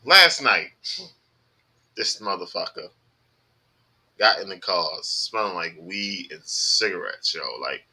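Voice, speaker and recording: A man telling rideshare-driving stories on a podcast, animated and full of profanity. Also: low voice, slow pace, pauses often, low-quality recording. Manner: animated storytelling, heavy profanity. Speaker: podcast host, rideshare driver. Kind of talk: casual chat.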